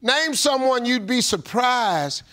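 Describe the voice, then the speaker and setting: High, lively game show host man. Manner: animated, teasing, drawn-out exclamations. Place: TV studio with live audience. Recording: broadcast with loud crowd noise. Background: loud cheering studio audience.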